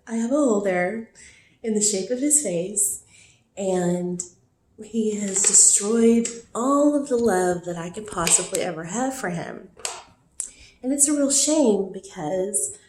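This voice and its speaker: A woman vlogging about a painful relationship, teary and worn from crying, talking in a raw, rambling way with throat-clearing. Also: mid-range voice, darkish tone, echoey room. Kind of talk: emotional personal vlog confession.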